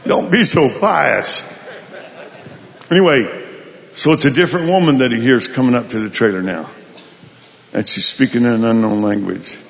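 A male pastor telling a folksy, animated story in a sermon. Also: on the low side, vocal fry, in a large hall. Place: large hall at a summit.

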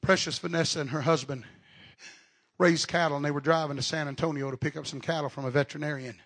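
Male revival preacher, high bright voice, shouts with fervor, stammers. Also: steady tone, fast talker. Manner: impassioned, builds to shouting, stammers and repeats. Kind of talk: fiery revival sermon. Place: live church retreat service.

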